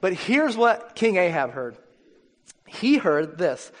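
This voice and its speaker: A male pastor preaching a sermon in a conversational, animated storytelling way, often restarting his sentences. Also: sits high, takes it slowly. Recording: long hall reverb.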